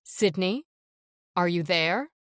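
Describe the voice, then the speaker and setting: A woman narrator voicing a female emergency operator who stays calm, steady and controlled. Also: fairly low pitch, slow, no echo, studio quality. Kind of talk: audiobook character voice.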